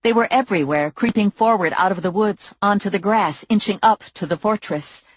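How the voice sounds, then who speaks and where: A woman narrating a first-person audiobook in a brisk, wry storytelling manner. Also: mid-range voice, breathy edge, no echo, dull audio.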